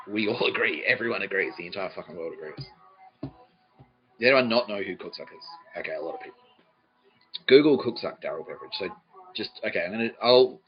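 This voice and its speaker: A man with a lowish voice rambles through a comedic podcast monologue, swearing freely and breaking into laughter between phrases. The recording is dull and lo-fi, with faint music underneath. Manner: profane, rambling, often laughing mid-sentence. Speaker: podcast host.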